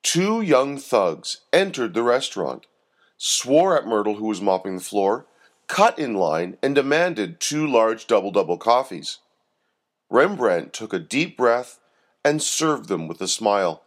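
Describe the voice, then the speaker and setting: A man hosting and narrating a Christian parable story with expressive delivery. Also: lowish voice, unhurried. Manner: expressive narration with lively intonation. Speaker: storyteller host.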